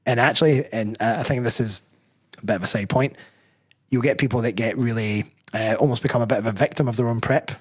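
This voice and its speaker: A man from Scotland with a slightly rough, mid-range voice speaks quickly as the guest in a casual interview. He's a personal trainer and bodybuilder, candid and rambling, regularly restarting what he says.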